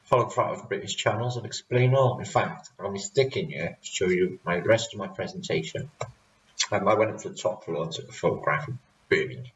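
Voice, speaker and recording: A Welshman from Wales hosts his channel with a casual, rambling vlog recap in a low, expressive voice, speaking briskly and laughing often. The recording sounds roomy, distant, and dull, with a little hiss or hum.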